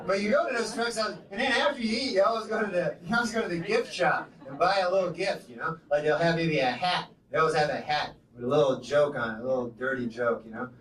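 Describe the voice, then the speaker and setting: A stand-up comedian with a high voice and a faint lilt, rambling deadpan through his set. The sound is an old, roomy club recording from a distance, with loud crowd laughter and hiss behind him. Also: fast, hardly any pauses. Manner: rambling, deadpan delivery with many "you know"s. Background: audience laughing.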